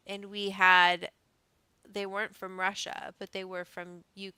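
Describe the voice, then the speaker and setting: Gravelly, bright-voiced woman host. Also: mid-range voice, flat delivery, measured pace, no room sound, poor audio. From Canada. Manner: reads notes aloud then riffs off-script with asides. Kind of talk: casual reading and chat.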